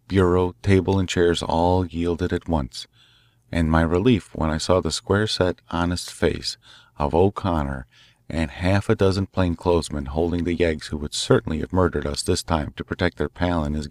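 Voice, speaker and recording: A man narrating a classic story in a measured, dramatic way. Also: low voice, a little mellow, dry recording. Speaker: audiobook narrator. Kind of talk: scripted narration.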